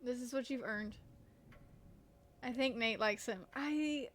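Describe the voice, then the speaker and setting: A woman's voice: on the high side, takes it slowly, pauses often, slight background noise. A young woman streaming a game, chatting casually, giggling and swearing often. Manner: giggly, swears a lot, reads game text aloud. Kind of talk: casual gameplay commentary.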